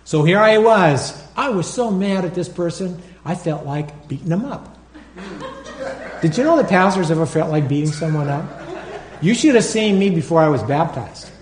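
Male pastor, somewhat high voice, animated sermon delivery with call-and-response, roomy church echo. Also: normal speed, slight background noise. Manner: animated, acts out prayers and calls for congregation responses.

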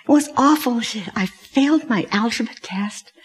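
A woman's voice: fairly high pitch, lively intonation, normal speed, lightly acted. A woman voicing an upset teenage daughter who complains in an exaggerated, dramatic way. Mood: distraught.

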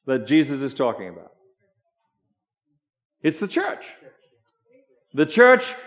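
Male pastor, slightly high voice, slow deliberate sermon delivery. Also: very animated. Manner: slow, emphatic preaching with questions to the congregation.

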